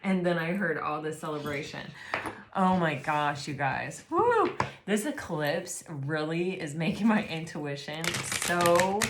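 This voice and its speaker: An excitable woman reads tarot cards for her viewers, gushing and breaking into exclamations as she goes. Her voice sits fairly low, and the room around her rings with echo. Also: measured pace, heavy background noise. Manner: gushing, excitable, lots of fillers and "oh my gosh". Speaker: tarot reader. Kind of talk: casual tarot reading to camera.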